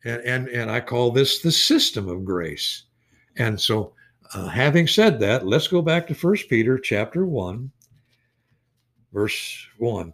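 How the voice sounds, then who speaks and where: A man's voice: medium pitch, animated, slow, a bit bright. A man teaching the Bible in a casual conversation, folksy and emphatic, often restarting his sentences.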